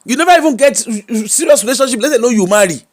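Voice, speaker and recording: A woman's voice: a little high, expressive, rapid-fire. Exclamatory Nigerian woman gossip host. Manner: exclamatory, mixes Pidgin and Yoruba into English. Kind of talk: casual celebrity gossip commentary.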